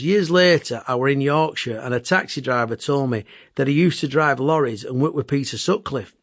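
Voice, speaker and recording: A man in his fifties with a Bolton accent, reading his own comic memoir with wry, deadpan asides. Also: medium pitch, dry recording, studio quality. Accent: Bolton, Lancashire. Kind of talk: comic memoir audiobook narration.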